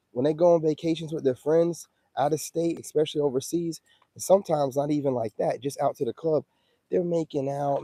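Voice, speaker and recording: A livestream host chats casually in a loose, emphatic way, repeatedly asking "you know what I'm saying" to check the listener is following. His voice is a little high with a dark tone, and the recording is dry.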